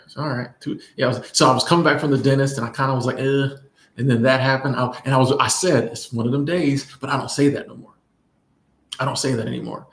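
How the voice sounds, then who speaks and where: A man tells a story in a loose, rambling way, with lots of fillers and restarts. His voice sits at an ordinary middle pitch. The room around him echoes noticeably. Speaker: vlogger. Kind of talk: casual storytime chat. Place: in Bangkok.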